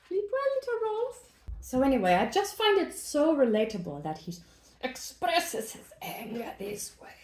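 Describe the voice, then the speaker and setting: A woman's voice: lowish voice, a little mellow. A young woman chatting playfully while she bakes in her kitchen, often dropping into a whisper. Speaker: book vlogger. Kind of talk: casual chat while baking. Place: home kitchen. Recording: echoey kitchen.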